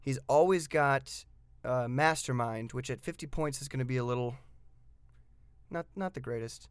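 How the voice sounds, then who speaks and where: A man's voice: medium pitch, normal speed, clean tone, no room sound. A man giving a casual, enthusiastic hobby review of tabletop game pieces, reading the rules aloud and commenting between frequent fillers.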